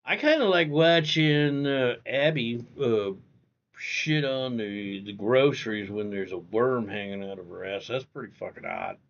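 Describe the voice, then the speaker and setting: A man's voice: mid-range voice, sing-song, unhurried, gravelly, dull audio. A man streaming live, reading viewer comments in a blunt, profane way, repeating himself and calling people bro. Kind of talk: casual livestream chat reading viewer comments.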